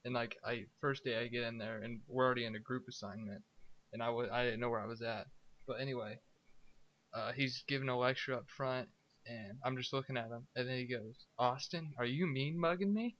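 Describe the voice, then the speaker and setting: Young male co-host, laid-back, laughs easily, mid pitch, dull lo-fi audio. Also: brisk. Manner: relaxed, laughs often, says dude a lot. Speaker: podcast co-host. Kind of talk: casual chat. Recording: dull lo-fi recording.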